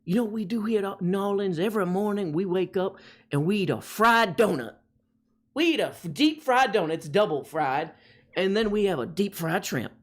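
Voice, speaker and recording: A man's voice: high voice, expressive, moderate pace, voice pushed up. A man voicing a cheery Cajun man from New Orleans, folksy and boastful about fried food. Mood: jolly.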